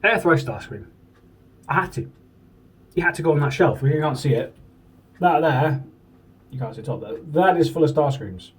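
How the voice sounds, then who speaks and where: A man's voice: on the high side, lively intonation, normal speed, long pauses, distant mic, slight background noise, rough recording. A man from the UK, chatting casually and enthusiastically as a toy collector and swearing now and then. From United Kingdom. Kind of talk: casual chat. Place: home room.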